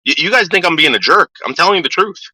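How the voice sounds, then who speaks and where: A man's voice: fairly high pitch, expressive, fast, bright, forceful tone, husky, no echo, low-quality recording. A middle-aged man ranting casually to his viewers, swearing a lot and stumbling over repeated words. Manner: profane, stammering repeats. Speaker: vlogger. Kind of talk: casual rant.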